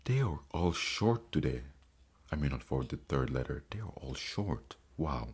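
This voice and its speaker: Very deep-voiced man reading letters slowly. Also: sing-song, darkish tone, husky. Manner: slow, halting reading with restarts. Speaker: book reader and commentator. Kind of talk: reading letters aloud with commentary.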